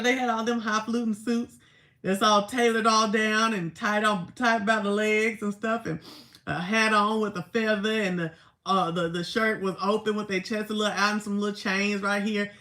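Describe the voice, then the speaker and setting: A woman's voice: mid-range voice, steady tone, normal speed, fairly bright tone. A woman in her thirties, chatting casually on a livestream and answering viewers' comments with laughs and asides. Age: 30s. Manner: chatty, laughing, talking back to chat. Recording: echoey room.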